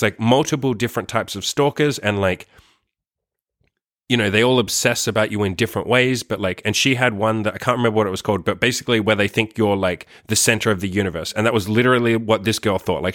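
A man tells a long story straight to camera in a loose, rambling vlog style. His speech is full of "like" and casual swearing, carried on a somewhat low voice. The sound is dry, with no room echo. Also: fast, a bit bright. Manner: rambling, profane, heavy use of "like". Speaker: vlogger.

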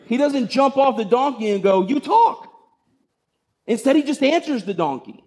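A man's voice: very high voice, lively intonation, fairly quick, a little mellow. A male pastor giving a sermon, retelling a story in a conversational way with rhetorical questions.

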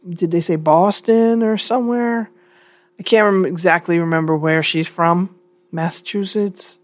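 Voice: mid-range voice, dry recording. A vlogger giving casual commentary, opinionated but hedging, often restarting sentences.

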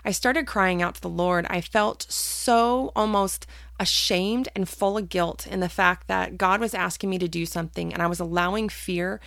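A woman's voice: lowish voice, normal speed, gravelly, a bit bright, no echo, studio quality. A woman hosting a personal faith podcast, talking candidly and hesitantly with many fillers and restarts. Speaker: podcast host.

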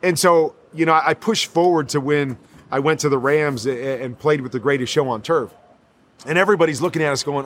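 A fairly high, husky male voice belongs to a former quarterback talking casually in an interview. He speaks animatedly and acts out the voices of people he talks about. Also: fairly quick.

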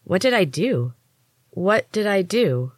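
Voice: mid-range voice, sing-song, a little fast, no echo, pitched above the performer's own voice. A bewildered young hero, as a female narrator puts them on, asking puzzled questions in a slightly raised voice. It is a storybook reading with a dry, close sound.

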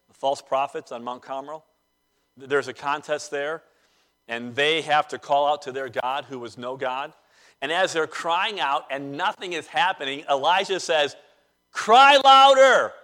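A man preaching a sermon as pastor of a church, conversational with dry humor and pauses. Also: a little high, fairly bright tone.

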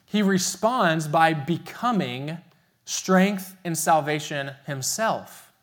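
High-voiced young male pastor preaching. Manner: storytelling, earnest and emphatic, slows for key phrases. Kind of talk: sermon.

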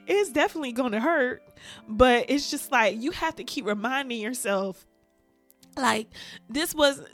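Young woman podcaster, higher voice, candid heartfelt chat, quick laughs, soft music under. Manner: candid, animated, laughs often, speaks of faith. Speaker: podcast host.

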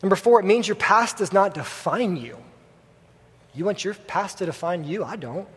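A man's voice: sits high, lively intonation, normal speed, a bit bright, breathy edge. A young man preaching a sermon in a church, telling a story casually with many fillers. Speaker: pastor. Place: church hall with congregation. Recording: long hall reverb.

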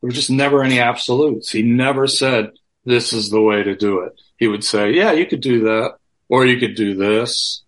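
A man's voice: mid-range voice, normal speed. A man being interviewed from his home over a remote call, in a mid-range voice. He talks frankly and loosely, swears freely, and often restarts his sentences as he works through his thoughts. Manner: frank and profane, rambling with many restarts. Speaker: guest musician. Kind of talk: candid conversational interview.

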